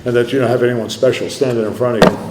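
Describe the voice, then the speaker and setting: A man's voice: medium pitch, steady tone, rapid-fire, heavy background noise. Guy rambling thru his aa story, lots of "you know", echoey room. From New Jersey. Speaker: AA speaker. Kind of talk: recovery story talk. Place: meeting room.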